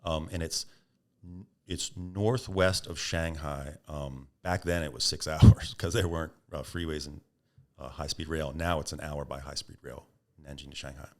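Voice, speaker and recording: Middle-aged man with a deep voice, guest on an interview podcast; animated anecdotes. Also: normal speed. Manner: animated anecdotes, acts out quoted voices, laughs. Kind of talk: storytelling interview answers.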